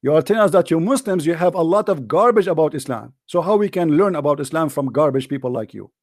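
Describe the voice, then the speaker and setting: A man with a high-pitched voice hosts a heated call-in debate. He is combative and mocking and hammers the same phrases again and again. The recording is close and dry. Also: expressive, fast, darkish tone, no room sound. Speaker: host of a call-in debate show.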